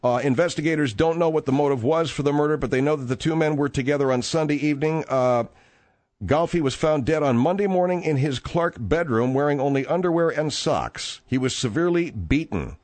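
A man's voice: fairly high pitch, brisk, darkish tone, dry recording. Wry male radio host, dry studio sound. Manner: wry, offhand. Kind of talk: talk radio news chat.

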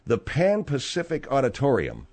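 A man's voice: mid-range voice, huge pitch swings, moderate pace, a little mellow. A man in his sixties hosting a radio talk show, rambling and joking in a sardonic way with his co-hosts. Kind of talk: casual radio banter.

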